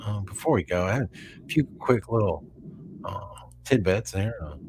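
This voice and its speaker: A man with a slight Texan drawl chats casually on a live stream. His voice sits fairly low, and he rambles, stopping and restarting his sentences. Faint background noise runs under his talk. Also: lively intonation, darkish tone. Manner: rambling, halting, many restarts. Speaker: co-host of a live show.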